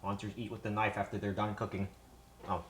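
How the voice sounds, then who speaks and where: A man's voice: fairly low pitch, level tone, fairly quick, noisy background. A man streaming live from a home kitchen, winded and tired. He rambles to his viewers and swears often. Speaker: livestreamer. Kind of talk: casual live-stream chat.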